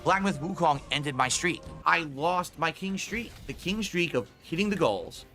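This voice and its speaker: Brief: male game streamer, bright lively voice, furious profane rant, soft music behind. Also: a little high, moderate pace. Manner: angry, swearing, exasperated rants. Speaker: gaming streamer. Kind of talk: ranting game review over gameplay clips.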